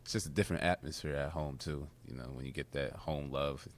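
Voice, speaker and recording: Deep-voiced young man, easygoing. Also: steady tone, fairly quick, slight background noise. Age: young adult. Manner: easygoing, short answers. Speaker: college basketball player. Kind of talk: interview answers.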